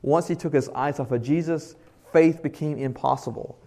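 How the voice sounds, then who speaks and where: An earnest male pastor preaches a sermon in a somewhat high voice. He grows loud and emphatic, then drops to soft tones. He puts questions to the congregation. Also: normal speed.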